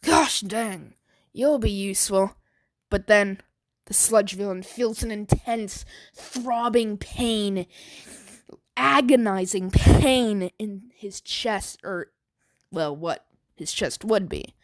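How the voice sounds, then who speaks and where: A woman's voice: mid-range voice, takes it slowly. A woman improvising a fan story aloud, hesitant and stammering with many fillers.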